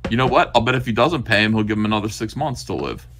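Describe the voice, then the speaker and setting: This man hosts a casual comic review livestream, speaking quickly in a lowish voice over slight background noise. He's animated and reads the panels' dialogue aloud in acted voices.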